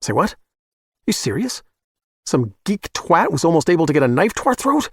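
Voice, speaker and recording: A man voicing an agitated, foul-mouthed male executive who fires off sharp, indignant questions in a raised voice. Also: mid-range voice, big pitch swings, fast, no room sound, clean studio sound, close to an everyday voice. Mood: agitated, scornful.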